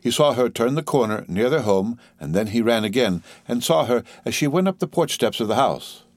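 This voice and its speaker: A man narrating a novel as a steady, dramatic audiobook reading, lightly voicing the dialogue. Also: medium pitch, a little fast, no echo.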